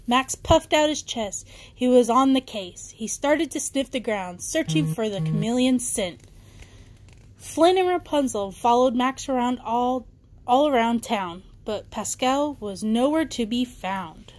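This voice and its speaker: A woman's voice: a little high, expressive, a little slow, a little mellow. A woman reading a children's bedtime story aloud, with occasional small slips and restarts.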